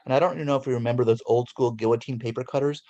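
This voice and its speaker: A Los Angeles man in his forties, appearing as a guest, races through a childhood story in a medium-pitched voice, animatedly acting out the voices. The sound is lo-fi.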